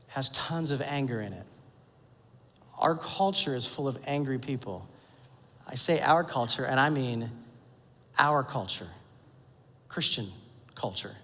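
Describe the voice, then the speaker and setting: A man's voice: mid-range voice, expressive, measured pace, long pauses, a bit bright. A man preaching a sermon as pastor, telling the story with jokes and playful quoted voices. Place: church sanctuary. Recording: long hall reverb.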